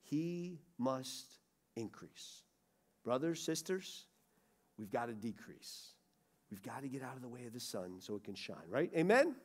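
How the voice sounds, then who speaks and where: A middle-aged man preaching a sermon, swinging from loud urgency to hushed pleading. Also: medium pitch, sing-song, measured pace. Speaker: pastor. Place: church sanctuary.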